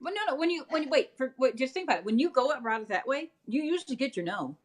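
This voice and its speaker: A middle-aged woman co-hosting a casual panel chat, talking things through and acting out quotes in a raised voice. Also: fast talker. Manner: animated, acts out quotes in a high voice. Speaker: co-host.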